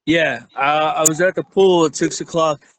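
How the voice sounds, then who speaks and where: A man with a New York accent telling rambling, profane stories in a casual chat, often getting excited as he acts out what people said. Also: a little high, normal speed, a crowd in the background. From Staten Island, New York. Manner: profane, rambling, excitable when acting out quotes. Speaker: security guard guest.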